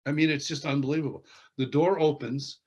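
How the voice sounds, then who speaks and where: A man's voice: on the high side, brisk, husky. A man telling a story as an interview guest, acting out the people in it and laughing as he goes. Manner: expressive, acts out the people in his story. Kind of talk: animated storytelling.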